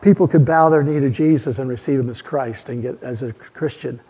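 Earnest preaching man, dark husky tone. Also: mid-range voice, fairly quick. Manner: earnest, building to emphatic peaks, then hushed. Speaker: pastor. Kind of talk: sermon. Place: church.

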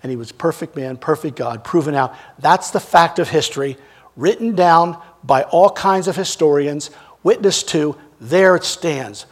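A man preaching a sermon, retelling scripture scenes as stories and swinging between loud and soft. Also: fairly high pitch, a little slow, breathy edge. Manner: storytelling, acting out scripture scenes with big swings in loudness.

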